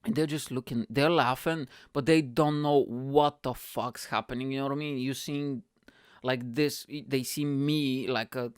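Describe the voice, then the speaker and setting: A man's voice: medium pitch, steady tone, unhurried, clean tone, dry recording, clean studio sound. A man hosting a podcast, telling a story in a rambling, profane way with frequent laughs. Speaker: podcast host. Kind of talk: casual storytelling.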